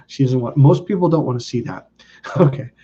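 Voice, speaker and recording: A man telling a rambling personal story in casual talk, acting out the people in it with sudden excited exclamations. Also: normal speed, husky. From California. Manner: animated, acts out quotes with sudden high exclamations. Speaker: channel host. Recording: dull lo-fi audio.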